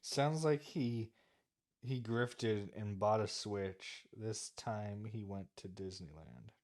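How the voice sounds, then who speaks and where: Giving reaction commentary, a man laughs at a livestream clip and mocks it crudely for his chat audience. He speaks slowly in a lowish, darkish voice, recorded dry with clean studio quality.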